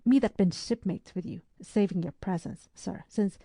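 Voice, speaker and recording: A woman's voice: mid-range voice, normal speed, gravelly, warm tone, dry recording. A woman voicing a loyal, anxious old sailor-servant who talks in rustic dialect in an audiobook. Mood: earnest. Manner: rustic dialect speech, earnest.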